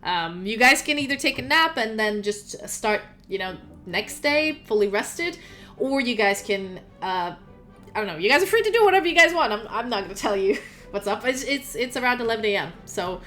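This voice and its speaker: A woman's voice: on the high side, lively intonation, moderate pace, bright, forceful tone, faint music behind. A woman narrating a tabletop game as game master, rambling with many ums and restarts.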